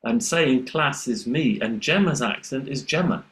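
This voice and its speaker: A man's voice: mid-range voice, measured pace, fairly bright tone. A man from the north of England with a northern English accent, co-presenting a teacher-training session and telling stories animatedly, with stammered restarts. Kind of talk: conversational webinar discussion.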